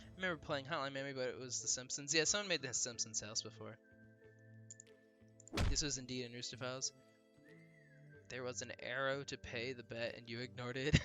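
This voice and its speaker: A young man talks his way through a video game in loose, profane commentary full of "like" and laughter. His voice is very bright and forward, at a middle pitch, with faint game music underneath. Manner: rambling, profane, laughs easily. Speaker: gameplay commentator. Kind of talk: casual let's-play commentary.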